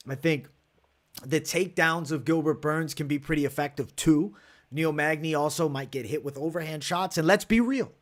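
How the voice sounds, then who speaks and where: A young man talks through fight picks and betting lines on a late-night live stream. He is brash and profane, swinging between hyped bursts and low asides to his viewers. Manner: brash, profane, hyped, reads chat aloud. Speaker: MMA livestream host. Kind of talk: casual live betting breakdown.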